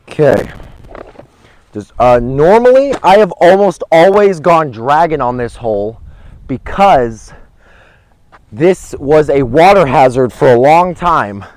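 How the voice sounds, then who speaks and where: A man vlogging a round on an outdoor disc golf course, chatting and rambling on a handheld camera, with excited outbursts at his throws. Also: fairly high pitch, takes it slowly, dry recording. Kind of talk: casual commentary while playing. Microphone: handheld camera without a gimbal.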